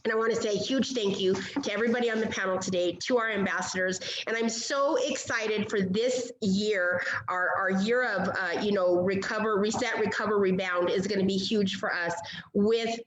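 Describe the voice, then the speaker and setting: A woman's voice: medium pitch, fairly even intonation, normal speed, echoey room, a crowd in the background, low-quality recording. Upbeat woman moderating a webinar panel. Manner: upbeat, encouraging, many fillers. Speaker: chamber of commerce moderator.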